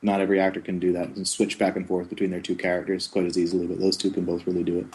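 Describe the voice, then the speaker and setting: A middle-aged man with a lowish voice talks through his work in a relaxed, rambling way. He laughs easily as he tells his anecdotes. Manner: slips into quick character voices mid-sentence; relaxed, rambling storytelling with chuckles. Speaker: voice actor guest. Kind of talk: casual interview chat.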